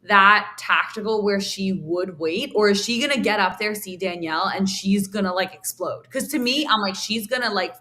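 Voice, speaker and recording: A young woman with a medium-pitched voice, speaking at a moderate pace with hardly any pauses, is a guest on a podcast. Her casual chat is full of "like" as she animatedly acts out what other people said.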